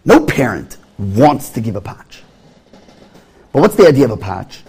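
Animated husky-voiced man preaching. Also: medium pitch, normal speed. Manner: animated, acts out little scenes in quoted voices. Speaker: rabbi. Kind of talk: sermon.

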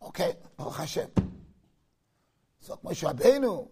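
Torah teacher, male, husky and fairly high, chants verses, jokes in asides. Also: sing-song, a little fast, pauses often, darkish tone. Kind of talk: Torah lecture.

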